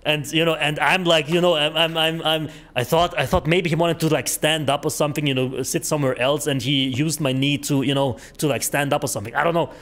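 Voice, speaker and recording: A young man streaming a horror game breaks off into a rambling, profanity-laced story. He piles on fillers and restarts and laughs at his own telling. His voice sits a little high for a man. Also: steady tone, brisk, few pauses, a bit bright, a little hiss or hum. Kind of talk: casual gaming stream storytelling.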